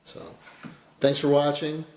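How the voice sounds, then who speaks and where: A man giving a casual fly tying tutorial, rambling and folksy, his voice often dropping quiet as he works. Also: fairly high pitch, completely flat delivery, unhurried, reverberant, slight background noise.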